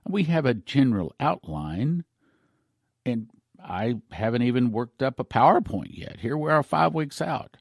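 A man's voice: mid-range voice, animated, measured pace, gravelly, no echo, studio quality. A male pastor giving an earnest, emotional sermon message for radio over a broadcast microphone.

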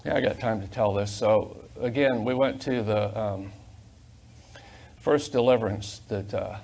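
An older man preaching a sermon as pastor in a church, fervent, swinging between loud emphasis and quiet asides, on a corded mic. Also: on the low side, unhurried, creaky. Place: church sanctuary.

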